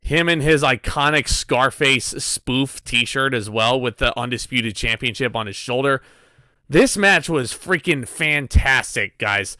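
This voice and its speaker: A man's voice: mid-range voice, measured pace, bright, forceful tone, no room sound. A man cohosting a podcast, giving opinionated takes on a wrestling show, full of ums. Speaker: guest cohost. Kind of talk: casual wrestling review chat.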